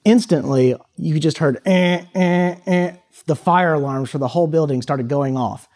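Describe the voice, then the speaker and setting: A man's voice: fairly high pitch, normal speed, a little mellow. A man in his thirties giving a talk to students, telling a personal story in a loose, conversational way with many fillers. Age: 30s. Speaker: guest speaker at a high school. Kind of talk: storytelling speech.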